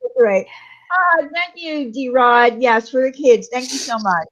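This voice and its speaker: A woman co-hosting a casual live chat show, talkative and quick to laugh, trailing off between thoughts. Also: a little high, dull audio, a crowd in the background. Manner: chatty, laughs often, trails off. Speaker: livestream co-host.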